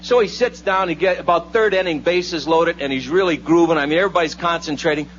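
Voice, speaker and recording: A man's voice: fairly high pitch, quick pace, a bit bright. A male comedian telling jokes live at a hotel in a loose, rambling way, with lots of fillers. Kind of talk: stand-up storytelling. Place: hotel showroom, in front of a live audience. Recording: muffled live radio with faint hum.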